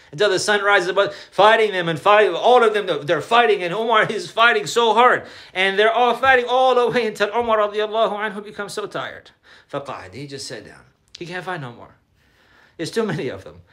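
A man telling a religious story as a lesson, reciting Arabic lines and then explaining them in casual English, acting out the shouts of the people in the story. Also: high-pitched. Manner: animated retelling, quoting Arabic then translating, acts out shouts. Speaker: religious teacher. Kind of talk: sermon storytelling.

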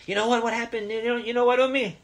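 An excited small child bursts out breathlessly, repeating itself in a high, bright little voice. A grown man puts the child on in a storytelling lesson. The voice sits far above a man's usual pitch. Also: fast, vocal fry. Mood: eager. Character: excited small child eager to tell a parent something.

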